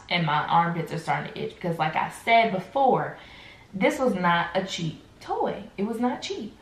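A woman telling a casual storytime to her viewers, animated and slangy, speaking straight to the camera. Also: lowish voice, roomy sound, low-quality recording.

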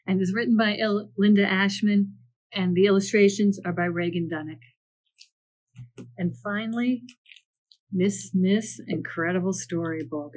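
A woman children's librarian presenting and reading picture books aloud in a gentle storytelling manner with playful asides. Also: fairly low pitch, poor audio.

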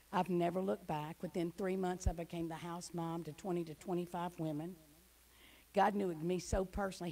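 Middle-aged lady telling her testimony at church, gravelly voice, goes quiet then gets loud. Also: fairly low pitch, rough recording. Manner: emotional storytelling, swinging from hushed to loud. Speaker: guest speaker. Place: church hall.

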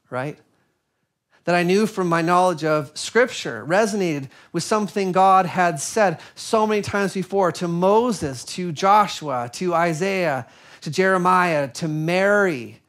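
A man giving a sermon, telling a personal story in an earnest, reflective way with soft pauses. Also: high-pitched. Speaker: preacher.

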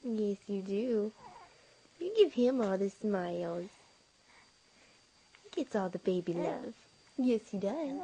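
A woman's voice: mid-range voice, slow, pauses often, warm tone, slightly rough. A young mother at home, cooing teasing sing-song baby talk to her infant while filming on a handheld camera. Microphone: handheld camera mic.

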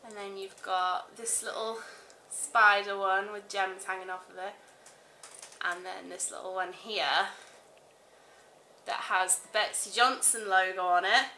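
A chatty woman vlogs to camera from a room at home, her voice bright and sharp. She gushes freely and fills her talk with ums and likes. The room around her sounds echoey. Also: medium pitch, steady tone, unhurried, slight background noise. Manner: chatty and gushing, with frequent fillers. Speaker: vlogger. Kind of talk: casual chat to camera.

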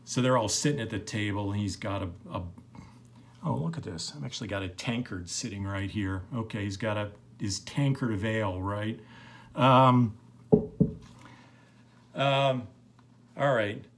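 A middle-aged man teaching literature in a relaxed recorded lecture, rambling with many fillers. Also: lowish voice, normal speed, a little hiss or hum.

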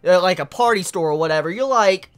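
A woman reviewing a manga chapter in casual commentary, excitable, laughing often and swearing freely. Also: fast, very noisy. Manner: animated pitch jumps.

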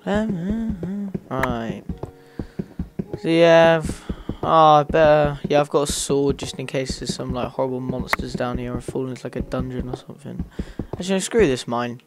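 A man's voice: medium pitch, fairly quick, few pauses. A man hosting a gaming channel, casually commenting on his gameplay in a rambling way and talking straight to his viewers. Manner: rambling, talks to viewers while playing.

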